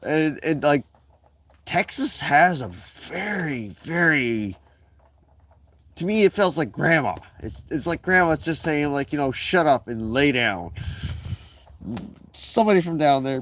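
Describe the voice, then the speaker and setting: A man's voice: medium pitch, low-quality recording. A man chatting on a casual live stream from his backyard, rambling and swearing freely as he drifts between topics. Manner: rambling, profane, digressive. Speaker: livestreamer.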